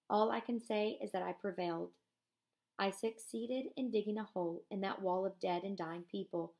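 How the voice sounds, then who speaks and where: A woman teacher reading a novel aloud in a measured voice, pausing for casual comments to her class. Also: medium pitch, creaky, darkish tone.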